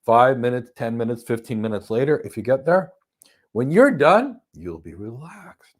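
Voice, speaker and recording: A man giving a motivational talk on stress, telling stories with emphatic bursts that drop to soft, calm lines. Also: mid-range voice, moderate pace. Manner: animated storyteller, swings from loud emphasis to soft calm. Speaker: host. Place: lives in Florida.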